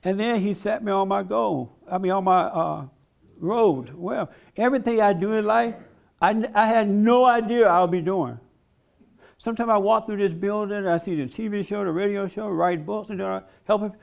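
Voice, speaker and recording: A man's voice: high-pitched, moderate pace, creaky. A man giving a blunt, emphatic preaching-style talk at a conference, laughing along with his audience. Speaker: conference speaker.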